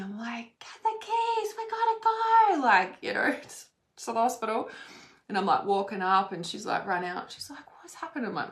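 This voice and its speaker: A woman's voice: fairly low pitch, a bit bright. A woman telling a personal story in a casual, rambling way, full of "like" and frequent swearing. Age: adult. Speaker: spiritual vlogger. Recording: roomy echo.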